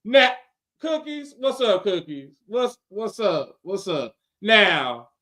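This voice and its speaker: A man hosting a casual wrestling podcast, animated and laughing, slipping into voices as he retells stories. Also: high-pitched, slow pace. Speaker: podcast host.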